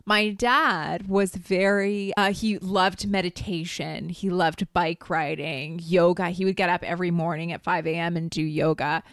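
A woman's voice: fairly low pitch, a little slow, few pauses, clean tone, no room sound. Chatty Canadian woman, dry close sound. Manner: laughs often, animated and chatty. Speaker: podcast co-host. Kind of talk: casual chat.

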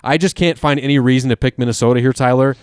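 A man's voice: medium pitch, fairly even intonation, quick pace, clean tone, no echo, clean studio sound. A man hosting a casual sports betting chat, making joking, chatty football picks and thinking aloud as he goes. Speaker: podcast host making college football picks.

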